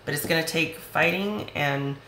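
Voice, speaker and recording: A woman giving a tarot reading in a chatty, reassuring way, speaking straight to the viewer, her voice going hoarse. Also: low voice, moderate pace, bright, forceful tone, reverberant, a little hiss or hum, low-quality recording. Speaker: tarot reader.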